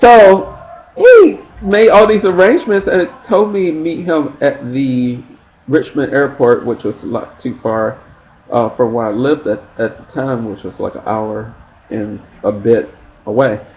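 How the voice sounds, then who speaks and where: A man telling a personal story in a casual, rambling way, acting out friends' lines in shrill high voices. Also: unhurried. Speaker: vlogger. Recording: dull lo-fi sound with faint background noise.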